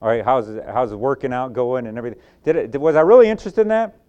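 A man with a Southern US accent preaching a Bible sermon. He builds to emphatic peaks and falls back to quiet, soft lines. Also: mid-range voice, lively intonation, fast talker, clear, resonant tone, dull audio. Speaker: pastor.

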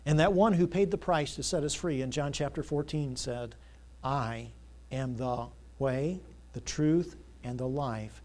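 A male pastor preaching a Sunday sermon, asking the congregation to fill in words and building to loud, emphatic passages. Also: mid-range voice, a little slow. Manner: call-and-response questions, rising to loud emphatic preaching. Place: church sanctuary. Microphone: church sound system mic.

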